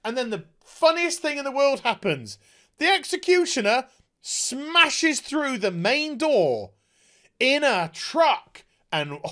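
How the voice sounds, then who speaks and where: A man's voice: high voice, a bit bright. A man ranting in a video review, exasperated and sarcastic, swearing often. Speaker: TV show reviewer.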